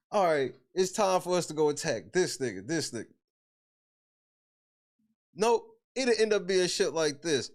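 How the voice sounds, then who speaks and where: A man's voice: high-pitched, big pitch swings, slow, long pauses. A man hosting a podcast, ranting casually with lots of profanity and laughing between his points. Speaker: podcast host.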